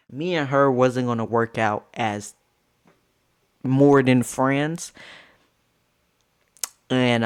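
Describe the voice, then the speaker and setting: A man telling a casual storytime, jumping to high squeals of disbelief and dropping to low mutters, laughing through it. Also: clear, resonant tone. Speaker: storyteller vlogger.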